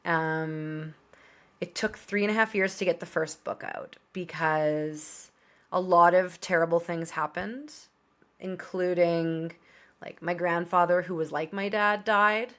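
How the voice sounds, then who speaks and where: A woman in her thirties, a podcast guest, telling her personal story in an open, conversational way with quick asides. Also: lowish voice, steady tone, a bit bright.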